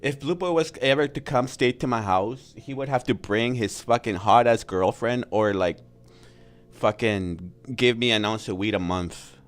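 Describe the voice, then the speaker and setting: A man's voice: medium pitch, moderate pace, faint music behind. A man streaming live, reacting to a clip with profane, mocking commentary and frequent laughter. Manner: mocking and crude, laughs often.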